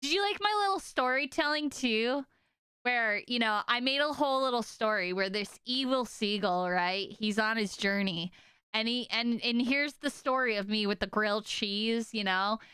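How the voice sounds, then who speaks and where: A young woman streaming casually to her chat, telling stories in an animated, exaggerated way with lots of "like" and "okay?". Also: on the high side, moderate pace, clear, resonant tone, no echo, studio quality.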